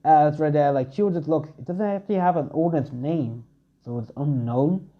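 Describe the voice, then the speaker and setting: A man's voice: fairly high pitch, normal speed, muffled recording. Rambling young man telling a story. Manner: rambling, heavy fillers. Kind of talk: improvised fan story narration.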